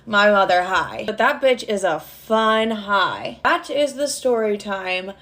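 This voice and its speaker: A woman's voice: mid-range voice, lively intonation, slow pace, fairly bright tone. A young woman telling a story in a casual storytime, chatty, swearing often and saying "like" a lot.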